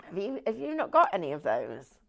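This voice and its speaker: Lady hosting a live studio show, bit of fry in the voice, chats and giggles a lot. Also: medium pitch, huge pitch swings, a little fast. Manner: rambling, laughs often. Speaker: shopping show host. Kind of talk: chatty live studio presenting.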